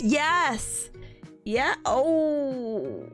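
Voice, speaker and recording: A young woman streamer chatting casually on a livestream, bubbly and playful, her voice hoarse from coughing. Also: sits high, expressive, slow. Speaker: VTuber streamer. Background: faint background music.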